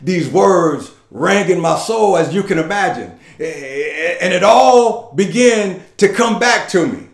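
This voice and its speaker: A man with a high voice delivers an unhurried, impassioned first-person sermon monologue in a church. He stammers and repeats words, then builds to shouts, and his voice rings around the roomy hall. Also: expressive. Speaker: preacher. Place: church sanctuary.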